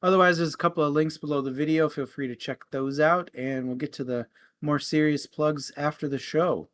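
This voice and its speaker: A man co-hosts a podcast, chatting casually and playfully. His voice is bright and forceful and sits a little high. He tells stories with animated energy. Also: fairly quick. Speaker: podcast co-host. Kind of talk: casual chat.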